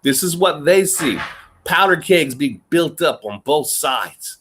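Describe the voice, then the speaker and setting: A man in casual chat, telling stories in a lively way, swearing and laughing. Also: fairly high pitch, takes it slowly, a little hiss or hum.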